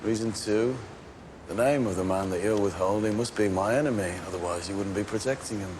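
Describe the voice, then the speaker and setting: Man doing a calm cold gang boss, lowish voice, measured, noisy background. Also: lightly acted. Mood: accusing. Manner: measured, controlled. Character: cold calculating male gang leader, composed. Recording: film audio with background noise.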